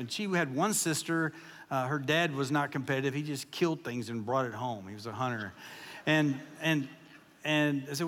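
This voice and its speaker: A man's voice: mid-range voice, normal speed. A man, preaching as a guest speaker and telling folksy, joking stories to a congregation. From Kentucky. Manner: folksy, joking, animated storytelling. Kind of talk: humorous sermon storytelling. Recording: long echo of a large hall.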